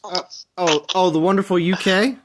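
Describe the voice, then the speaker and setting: A man hosts a relaxed game stream with a slightly high voice. He teases his friends and laughs often. He talks through his game progress as he plays. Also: normal speed, background noise. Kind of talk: casual gaming stream chat.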